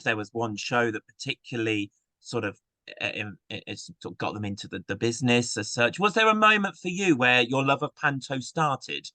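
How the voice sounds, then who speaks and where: A man's voice: mid-range voice, sharp tone, dry recording. A man hosting an interview, asking chatty questions and encouraging his guest with small affirmations.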